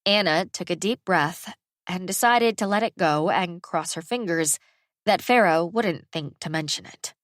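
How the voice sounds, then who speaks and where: A woman reads scripted audiobook narration in a measured, even storytelling style. Her voice is lowish, and the clean studio recording has no room sound.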